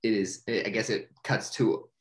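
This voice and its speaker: A young man casually retelling a movie plot in a rambling way, full of "like" and excited acted-out quotes. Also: fairly low pitch, measured pace. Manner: rambling, filler-heavy with frequent "like". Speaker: movie recapper. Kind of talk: casual spoken movie recap.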